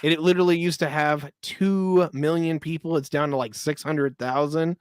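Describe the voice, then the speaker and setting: A man's voice: on the high side, fairly even intonation, moderate pace, clean tone, dry recording, studio quality. A man on a casual panel chat, ranting insistently with frequent swearing.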